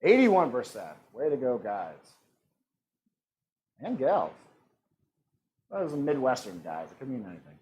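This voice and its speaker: A man's voice: mid-range voice, wildly swooping pitch, a little slow, pauses often, darkish tone. A man hosting an online trivia game, reading questions and options in a joking, playful way. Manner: joking, reads multiple-choice options with playful voices. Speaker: trivia host. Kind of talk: live-streamed trivia hosting.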